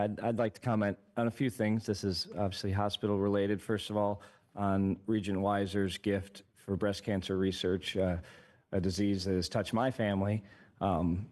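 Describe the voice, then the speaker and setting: A man with a fairly low voice gives remarks at a university board meeting. He talks in a halting way, full of fillers, and he teases with heavy sarcasm. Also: a little mellow. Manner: joking, teasing, with many fillers. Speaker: university regent.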